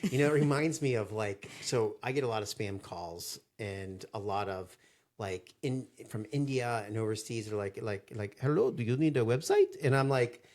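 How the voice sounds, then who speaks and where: A man's voice: lowish voice, normal speed. A young man co-hosting a casual podcast, telling stories and acting out phone calls. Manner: animated storyteller, acts out phone calls. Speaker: podcast co-host.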